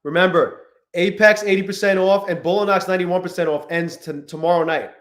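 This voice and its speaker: A man streaming live, talking casually and excitably to his chat, swearing often and greeting viewers by name. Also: sits high, brisk, reverberant.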